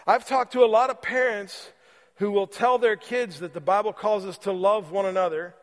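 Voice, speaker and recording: High-voiced preacher in a reverberant church. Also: male voice, fairly even intonation. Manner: conversational, repeats phrases for emphasis, slows on key words. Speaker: pastor. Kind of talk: sermon. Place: church sanctuary.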